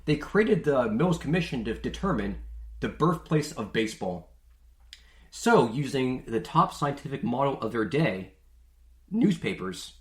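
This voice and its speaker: A man hosting a podcast in a casual monologue, chatty and jokey with lots of filler words. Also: mid-range voice. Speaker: podcast host. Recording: echoey room.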